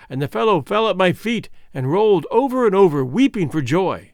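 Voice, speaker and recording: Expressive male audiobook narrator. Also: high-pitched, no room sound, studio quality. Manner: measured first-person storytelling. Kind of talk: scripted narration.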